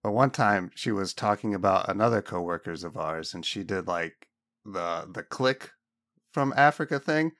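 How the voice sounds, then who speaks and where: Low, bright-toned man telling a story. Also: lively intonation, normal speed, no echo. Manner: storytelling, amused. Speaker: podcast co-host. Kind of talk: casual chat.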